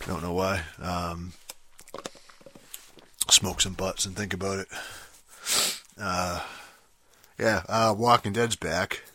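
Low-voiced man ranting with constant swearing. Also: level tone, slow pace, long pauses, pushed and bright. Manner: heavy swearing, rambling with many restarts. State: rough throat. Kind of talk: casual rant.

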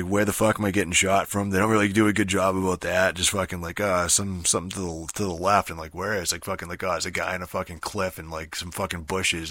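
Low-voiced, cussing man rambling about games. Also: pushed and bright, dry recording, clean studio sound. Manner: rambling, profane, many fillers and restarts. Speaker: game reviewer. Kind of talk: casual spoken game review.

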